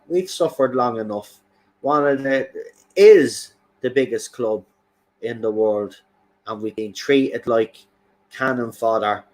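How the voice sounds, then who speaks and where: A young man hosting a fan channel, talking with emphatic, repetitive passion. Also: medium pitch. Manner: passionate, emphatic, repeats himself for effect. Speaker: football fan channel host. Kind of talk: excited fan commentary.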